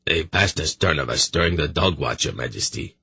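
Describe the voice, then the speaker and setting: A man voicing a wary, deferential male sea captain in a low gruff voice in an audiobook. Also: expressive, a little fast, sharp tone, no echo, exaggerated voice.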